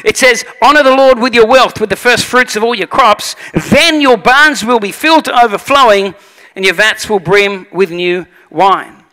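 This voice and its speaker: Male pastor, lively storyteller, bright edge, echoing church hall. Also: high-pitched, moderate pace. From Australia. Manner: animated storytelling, acts out voices. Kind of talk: sermon.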